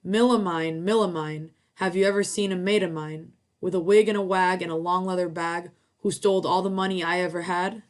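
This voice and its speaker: A woman's voice: lowish voice, steady tone, brisk, hardly any pauses, natural voice. A woman doing a chanting old witch. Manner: chanting, sing-song. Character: old witch guarding her gold.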